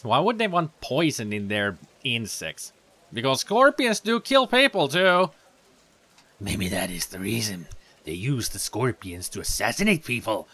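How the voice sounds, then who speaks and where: Chatty game commentator. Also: male voice, mid-range voice, big pitch swings, measured pace, bright, forceful tone, breathy edge. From Finland. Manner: chatty, rambling asides. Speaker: let's play host. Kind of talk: gameplay commentary.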